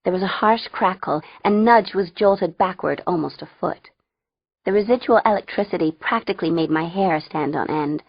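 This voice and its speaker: A woman's voice: lowish voice, moderate pace, husky, no echo, dull audio. A woman narrating a first-person audiobook in a wry, conversational way.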